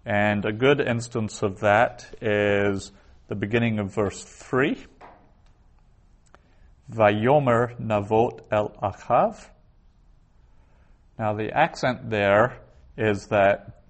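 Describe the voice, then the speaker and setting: Patient, lower-voiced male teacher. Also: steady tone, slow. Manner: patient, explains step by step with frequent ums and restarts. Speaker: Hebrew teacher. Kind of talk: classroom lecture. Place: classroom.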